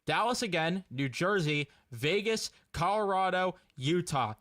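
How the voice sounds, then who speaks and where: A man's voice: high-pitched, lively intonation, measured pace, fairly bright tone. A young man ranting in a casual fan reaction video, exasperated and laughing in disbelief.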